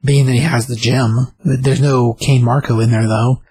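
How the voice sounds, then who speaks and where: A man chatting casually about comic books, relaxed and quick to laugh and agree. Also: mid-range voice, slight background noise. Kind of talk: casual comic book discussion podcast.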